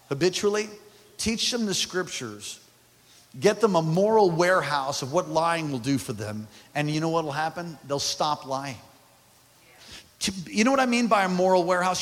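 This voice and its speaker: A male pastor preaching a sermon, calling out to the congregation and swinging from quiet to loud. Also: a little high. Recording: hall reverb with faint music.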